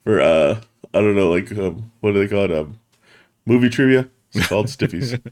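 A man's voice: lowish voice, normal speed, a little mellow. A man co-hosting a film podcast, chatting in a laid-back, slangy way. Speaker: podcast co-host. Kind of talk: casual film chat.

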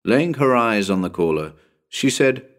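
A man's voice: medium pitch, animated, a little slow. A man narrating a spooky story as an audiobook, building suspense in a dramatic storytelling manner.

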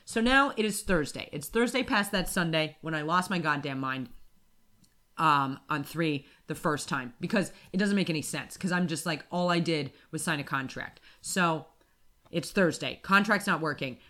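Animated ranting woman podcaster. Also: sits low, normal speed. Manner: animated ranting, acts out her own shouting. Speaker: podcast co-host. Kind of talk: casual podcast storytelling. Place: apartment in Wimbledon.

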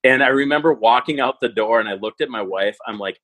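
A man in his forties, a parenting educator, telling stories in an animated, self-deprecating way on an interview. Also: medium pitch, fast talker, noisy background. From Wisconsin, US. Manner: animated, self-deprecating, acts out quoted thoughts. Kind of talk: conversational interview storytelling.

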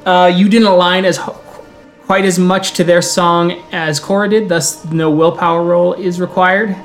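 Unhurried game master narrating a tabletop game. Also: male voice, sits high, level tone, soft background music. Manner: descriptive, unhurried narration with quick rules calls.

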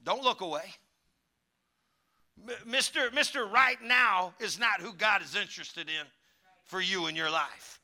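A man's voice: high-pitched, a little slow, long pauses, sharp tone. A pastor preaching a sermon in a church, folksy and emphatic, building in fervor as he teaches. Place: church sanctuary.

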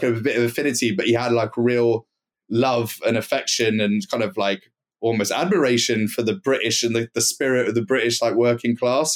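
A man telling a long story as a podcast guest, rambling with many fillers and restarts. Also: mid-range voice. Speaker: podcast guest, club night owner. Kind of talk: casual anecdotal storytelling.

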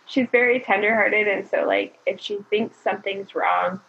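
A woman casually telling her birth story as a guest, chatty and animated, quoting people often. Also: mid-range voice, moderate pace, creaky. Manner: chatty, animated retelling with frequent "like" and laughter. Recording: dull lo-fi recording.

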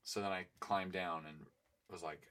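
A young man co-hosting a podcast, telling a rambling story in a playful, animated way. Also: low voice, moderate pace. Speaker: podcast co-host. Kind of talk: casual chat.

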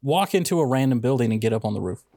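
A man's voice: mid-range voice, expressive, fast, dark tone, dry recording. A man co-hosting a casual movie review chat, sarcastic and ranting as he picks apart a plot. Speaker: podcast co-host.

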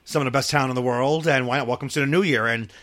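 A man's voice: medium pitch, racing, fairly bright tone, no echo, clean studio sound. A man chatting casually on a wrestling podcast, rambling with lots of fillers and restarts. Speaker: wrestling promotion governor.

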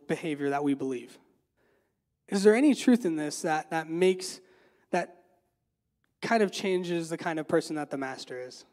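This preacher's voice is a bit high with a dark tone. He talks through his sermon casually and conversationally, repeating words, using many fillers, and often putting rhetorical questions to his listeners.

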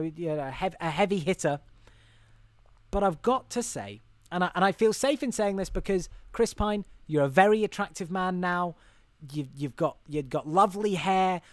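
A man's voice: high voice, no room sound. A chatty man in a casual podcast chat, laughing often between his points and tripping over his own restarts. His voice sits dry and close, with no room sound around it. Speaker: podcast co-host.

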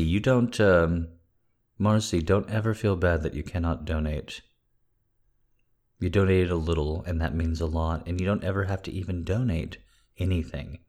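A man hosting a livestream, chatting casually and rambling with jokes and lots of swearing as he thanks supporters. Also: deep voice. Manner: rambling, profane, joking. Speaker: livestream host reading requests for patrons.

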